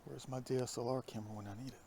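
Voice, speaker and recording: A man vlogging outdoors on a foggy hillside, talking in a hushed, often half-whispered, reflective way into a phone headset mic. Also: mid-range voice, steady tone, very fast, vocal fry, slight background noise. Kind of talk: musing outdoor vlog. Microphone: iPhone with plugged-in headset.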